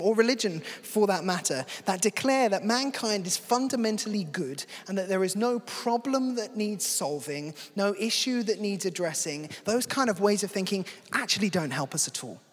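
A man preaching a sermon in a conversational, earnest way. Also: high voice. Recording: long hall reverb.

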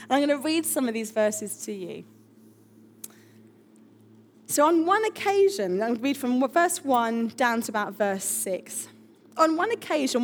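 Lady pastor giving a sermon, high voice, chatty and emphatic, laughs a lot. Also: a little hiss or hum.

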